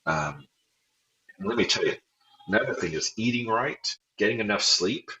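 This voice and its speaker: Low, bright-toned male guest, chatty storyteller who jokes at his own expense. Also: expressive, normal speed, echoey room, rough recording. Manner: chatty, self-deprecating, acts out quotes with laughs. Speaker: guest, former band director. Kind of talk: casual storytelling interview.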